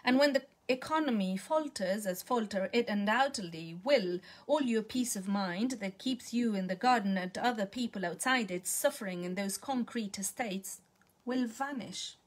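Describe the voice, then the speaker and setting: A woman's voice: medium pitch, moderate pace, natural voice. A woman reading the part of Millicent, a bitter, scornful elderly woman who lectures her friend.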